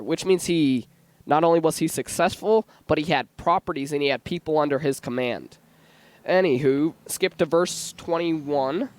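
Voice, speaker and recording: A man's voice: fairly high pitch, dry recording. A young man giving an informal Bible teaching in a church, chatty and given to asides and self-corrections. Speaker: lay preacher. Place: church sanctuary.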